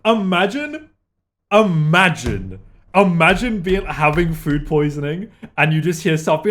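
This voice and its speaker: A young man hosting a reaction video, excitable and sweary, laughing often as he comments. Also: fairly high pitch, measured pace.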